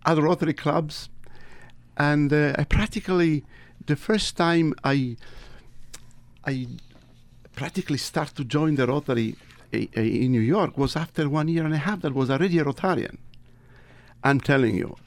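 A man with a Tuscan Italian accent, a native Italian speaker, telling stories as an interview guest with animated delivery and wide swings in pitch. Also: normal speed, long pauses, dry recording. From Italy. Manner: animated, big pitch swings, acts out dialogue. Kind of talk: interview storytelling.

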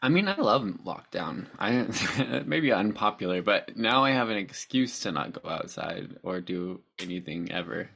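A woman's voice: rumbling low, animated, unhurried, vocal fry, hardly any pauses, fairly bright tone, slightly rough. A woman co-hosting a casual podcast, chatty and rambling, laughing often. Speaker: podcast co-host.

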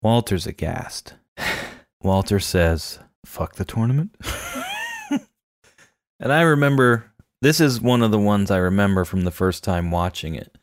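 A man co-hosting a casual chat about a film, animated and laughing often. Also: lowish voice, moderate pace, hardly any pauses, no echo, studio quality. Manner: animated, laughs often, acts out quoted lines. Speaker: film podcast co-host.

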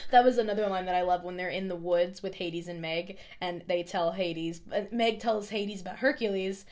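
A woman's voice: fairly low pitch, moderate pace, a little mellow. A young woman co-hosting a casual chat, laughing often and acting out quoted lines. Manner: giggly, chatty, often acts out quoted lines. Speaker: podcast co-host.

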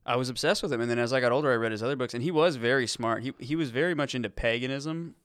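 A man's voice: medium pitch, racing, a bit bright, smooth, dry recording, clean studio sound. A man co-hosting a crude comedy podcast, telling rambling, profane stories with sudden outbursts. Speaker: podcast co-host.

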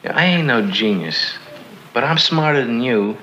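A man's voice: mid-range voice, expressive, moderate pace, pushed and bright, muffled recording, slight background noise. An actor playing a blunt, tough-talking man who scolds a friend in street slang. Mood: scolding. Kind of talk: film dialogue.

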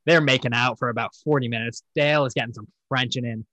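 A man's voice: mid-range voice, steady tone, fast, pushed and bright, no room sound, rough recording. A young man casually recapping a dating show as a podcast host, rambling and profane, mocking the people he quotes.

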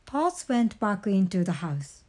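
A woman reading a children's storybook aloud in a gentle, deliberate way. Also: mid-range voice, sing-song. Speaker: storybook reader.

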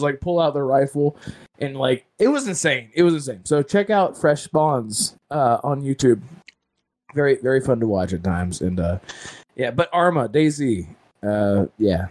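Rambling higher-voiced man telling a story. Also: animated, normal speed, a little mellow. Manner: rambling storyteller with many fillers. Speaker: podcast co-host. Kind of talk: casual chat.

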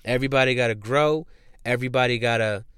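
A man's voice: medium pitch, quick pace, a bit bright, clean tone, no echo. A young man hosting a podcast, talking casually and emphatically, with lots of slang, swearing and repetition. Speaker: podcast host. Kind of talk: casual motivational talk.

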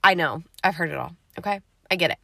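A woman's voice: lowish voice, quick pace, vocal fry, bright, forceful tone, no room sound. Tired but upbeat woman host, casual solo podcast chat, dry sound. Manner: chatty and upbeat, playful slang. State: tired, yawning. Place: dark home garage.

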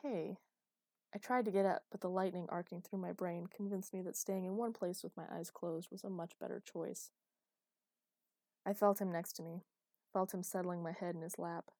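At a moderate pace, a woman narrates a first-person romance audiobook, her low-pitched voice mellow instead of bright, her storytelling steady and intimate. The audio is close and dry, with no room sound.

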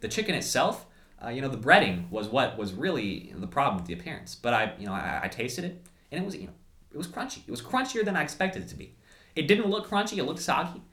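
Talking quickly with big pitch swings, a young man rambles through a casual food review he co-hosts, full of fillers and false starts, chuckling at himself along the way. His mid-range voice is a bit bright, and the sound is roomy.

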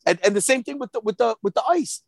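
A man in casual chat, heavy on fillers and repeated words, reacting with loud laughter. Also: very high voice, animated, fast, vocal fry, no echo.

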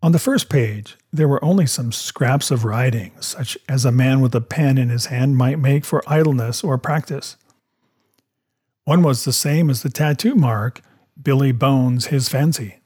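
Husky-voiced male storybook narrator. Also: mid-range voice, normal speed, a little mellow. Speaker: audiobook narrator. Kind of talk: scripted narration.

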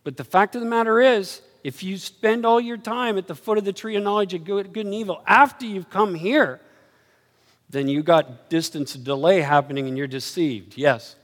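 A man preaching a sermon, telling stories animatedly and swinging from low murmurs to excited highs. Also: moderate pace. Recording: reverberant hall.

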